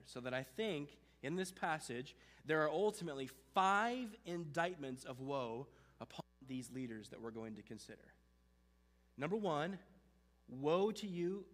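A man preaching a sermon, emphatic, with dramatic pauses, reading and listing points, in a church with long reverb. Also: fairly high pitch. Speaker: pastor.

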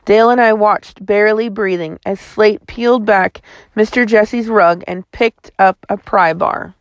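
Woman audiobook narrator, folksy first-person storytelling, mid-pitched voice, dry close mic. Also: measured pace, no echo.

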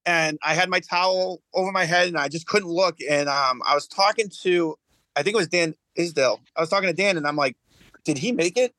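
On a casual podcast, a bowling champion appears as a guest and sincerely shares his story, frequently starting over and repeating words. His voice is on the high side, fairly quick, pushed and bright, with no room sound.

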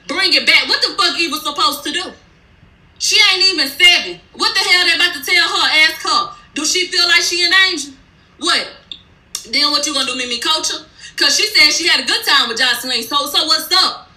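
High-voiced woman going off about reality tv, loud mouthed and sassy, roomy echo. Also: brisk. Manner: blunt, profane, sassy, animated. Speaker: reality TV recap commentator. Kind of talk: casual profane recap rant.

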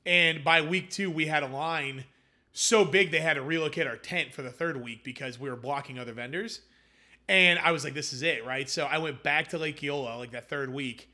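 A young man with a bright, forceful tone and a slightly raised voice tells his founder's story in a casual interview. He is animated and slips into quoted voices as he goes. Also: fairly high pitch. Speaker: hummus company founder, guest.

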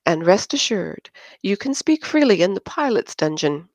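A woman's voice: medium pitch, sing-song, moderate pace, darkish tone, no echo. A woman doing a dry, patronizing male pilot.

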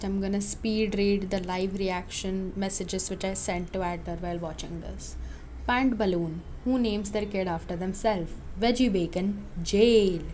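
A woman's voice: medium pitch, darkish tone, a little hiss or hum. A young woman co-hosting a casual podcast, bluntly reading out her sarcastic reactions. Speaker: podcast co-host.

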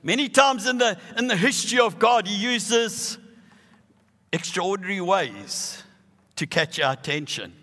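A man in his sixties with a South African accent, preaching a sermon with animated, emphatic bursts. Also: high voice, unhurried, long reverb tail. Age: 60s.

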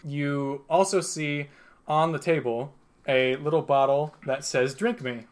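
A man's voice: on the high side, flat delivery, unhurried. A young man narrating as game master, rambling with many fillers and chuckling as he goes.

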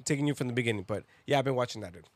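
A young man co-hosting a podcast, talking in loud, laughing, swearing banter. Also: medium pitch, racing, no room sound. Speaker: podcast co-host. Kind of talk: casual chat.

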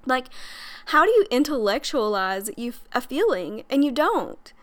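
A woman's voice: high-pitched, clear, resonant tone. A young adult woman hosting a podcast as a breathwork coach, talking in an earnest, chatty way with frequent fillers and little laughs. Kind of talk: casual monologue.

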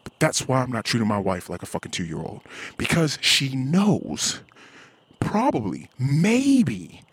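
A man's voice: medium pitch, wildly swooping pitch, unhurried, slightly rough, no echo. A man hosting a casual solo podcast while walking outdoors, rambling and profane, sometimes acting out the voices of the people he talks about. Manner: acts out quoted voices. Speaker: podcast host. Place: outdoors, walking in a cul-de-sac.

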